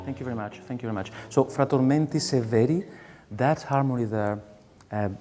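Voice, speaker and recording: A man with a Spanish accent, a conductor coaching a singer in a master class, halting and searching for words, singing phrases to show what he means. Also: mid-range voice, steady tone, darkish tone, soft background music. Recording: hall reverb, faint room noise.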